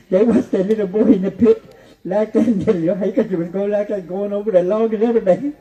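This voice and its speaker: A man with a high, dark-toned voice tells a rambling, repetitive story at a brisk clip, his tone steady and frequently broken by his own chuckles. It's oral storytelling, captured in a distant, dull lo-fi recording.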